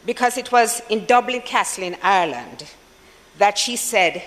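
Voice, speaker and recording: A senator with a Jamaican accent giving a formal tribute speech for the opposition in parliament, measured and solemn, with deliberate pauses. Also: medium pitch, lively intonation, fairly bright tone, big-room sound, poor audio. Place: senate chamber.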